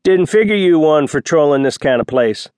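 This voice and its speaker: A man's voice: medium pitch, big pitch swings, normal speed, darkish tone, no echo, clean studio sound, natural voice. A male narrator voicing a sneering, arrogant former SWAT teammate who drawls mockingly.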